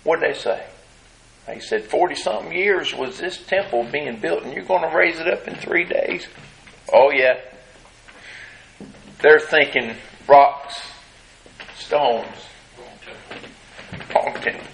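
A man preaching a sermon, retelling a scene dramatically and acting out the crowd's shouts. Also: fairly high pitch, animated, vocal fry, a little hiss or hum, poor audio. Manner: slow, drawn-out delivery with long pauses.

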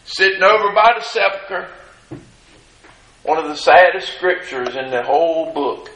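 A man preaching a sermon in a church, his voice climbing high and loud as he retells scripture dialogue. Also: normal speed, roomy sound, poor audio. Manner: fervent, rises high and loud in retold dialogue.

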